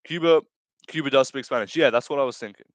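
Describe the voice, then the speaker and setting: A young male streamer chats casually while reading messages from his chat, cracking crude jokes and laughing between lines. He rambles and keeps correcting himself mid-sentence. His voice sits at an ordinary male pitch, and the recording is close and dry. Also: quick pace, no echo. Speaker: livestream host.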